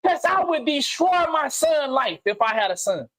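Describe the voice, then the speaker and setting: A man hosting a livestream and giving an unscripted motivational monologue, blunt and profane, repeating phrases and swinging from low murmurs to loud outbursts. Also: sing-song, normal speed. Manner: blunt, preachy, profane street slang. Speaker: livestream host. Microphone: streaming mic.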